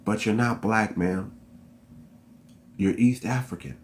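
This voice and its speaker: A man's voice: on the low side, takes it slowly, a little hiss or hum. Emphatic man ranting to viewers. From United States. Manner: emphatic, repetitive, slangy, talks straight to viewers. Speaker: channel host. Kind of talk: unscripted commentary monologue.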